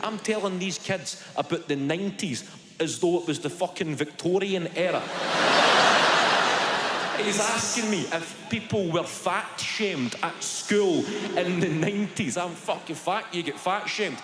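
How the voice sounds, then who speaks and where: A man's voice: sits high, heavy background noise. A man in his thirties with a Glaswegian Scottish accent, doing a sweary stand-up routine in a theatre in front of a live audience. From Scotland. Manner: sweary, storytelling, quick asides. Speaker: stand-up comedian. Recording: echoey live hall with loud audience laughter.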